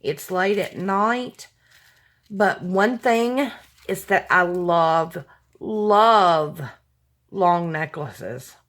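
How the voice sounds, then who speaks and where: A woman's voice: lowish voice, drawn-out words. A woman, gushing and exclaiming as she opens a gift package at home at night. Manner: gushing, excitable, gasps and exclaims, addresses viewers as y'all. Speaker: vlogger opening a gift package. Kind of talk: casual unboxing chat.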